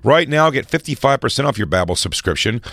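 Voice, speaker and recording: A man's voice: mid-range voice, very animated, a bit bright, dry recording. A man hosting a comedy podcast, reading sponsor ads and joking around. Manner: playful, joking, quick to riff. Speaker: podcast host. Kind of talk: casual comedy podcast banter and sponsor reads.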